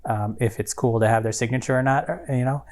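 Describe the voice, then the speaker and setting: A man's voice: mid-range voice, fairly even intonation, quick pace, a little mellow. A man co-hosting a podcast, telling a story in casual chat, rambling with many fillers and restarts. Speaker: podcast co-host.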